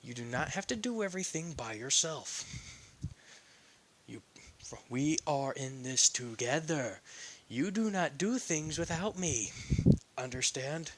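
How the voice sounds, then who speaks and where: A man's voice: a little high, expressive, measured pace, long pauses, fairly bright tone, slight background noise. A man voicing a stern but caring young woman who lectures her partner firmly. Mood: scolding. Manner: firm lecturing, scolding.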